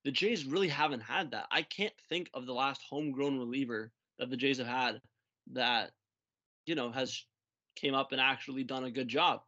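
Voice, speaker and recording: A man co-hosting a sports podcast, speaking casually with hesitant pauses and restarts. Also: mid-range voice, sharp tone, highs cut off. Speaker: podcast co-host.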